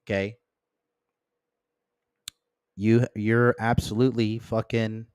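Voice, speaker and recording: Speaking slowly and flatly in a darkish, clean tone, this man hosts a livestream of dating advice. He's blunt and profane, checks in with the chat and imitates friends and exes in mocking higher voices. It's recorded in studio quality with no room sound.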